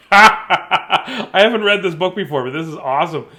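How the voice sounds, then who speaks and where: A man's voice: high voice, lively intonation, unhurried, pushed and bright. Playful man reading bedtime stories. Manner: playful and chatty, laughs and riffs. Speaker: host reading children's books aloud. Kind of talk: casual read-aloud storytelling.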